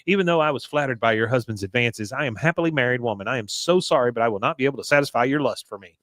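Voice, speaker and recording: A man voicing a flustered middle-aged housewife who talks in a fussy, indignant, hurried way. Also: mid-range voice, a bit bright, no room sound, lightly acted. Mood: primly apologetic.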